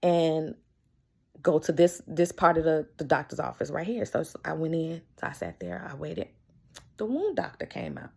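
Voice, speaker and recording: Gravelly low-voiced woman telling her story. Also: sing-song, moderate pace. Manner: repeats herself and restarts lines while recounting events. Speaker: vlogger sharing a personal medical story. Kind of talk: emotional personal storytelling.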